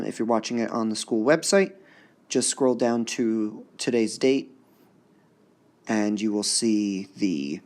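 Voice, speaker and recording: A man teaching a recorded high school lesson, sounding out words slowly and exaggerating the stress. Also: a little mellow.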